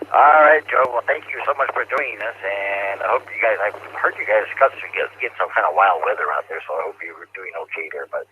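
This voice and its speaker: A man acting as net control on an amateur radio net, relaxed and friendly, calling stations by name. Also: on the low side, fairly quick, few pauses, a little hiss or hum. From Hawaii. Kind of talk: casual radio net hosting. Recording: tinny two-way radio audio.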